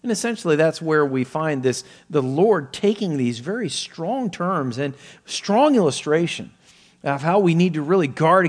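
A man preaching a sermon, earnest and measured, teaching through a passage with occasional fillers and restarts. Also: on the high side, long reverb tail. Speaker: pastor.

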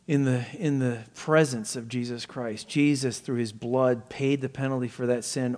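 A man preaching an expository sermon in a mid-range voice. He reads and explains scripture verse by verse. He acts out the characters' pleas with sudden rises in pitch and loudness. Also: steady tone, normal speed, few pauses. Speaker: pastor.

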